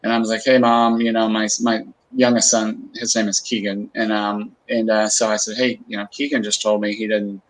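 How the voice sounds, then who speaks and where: A man's voice: on the low side, level tone, moderate pace, hardly any pauses, low-quality recording. A middle-aged man chatting casually on a livestream, rambling through stories with many fillers and restarts.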